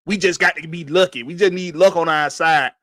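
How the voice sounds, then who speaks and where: Host, male, high voice, heated profane rant, dry close sound. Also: brisk, a bit bright, dry recording. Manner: profane, emphatic, repetitive ranting. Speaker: podcast host.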